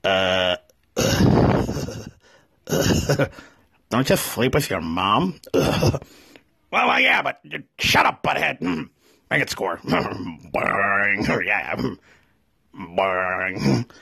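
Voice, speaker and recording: A man's voice: on the low side, big pitch swings, drawn-out words, vocal fry, sharp tone, husky, dry recording, heavily acted. A man doing impressions of two snickering, dim-witted teenage cartoon boys, full of dopey grunts and laughs.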